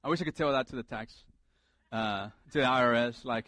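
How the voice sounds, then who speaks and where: A man's voice: mid-range voice, lively intonation, moderate pace, a bit bright, dry recording. A middle-aged male pastor preaching a sermon in a conversational, humorous way, repeating his key points for emphasis.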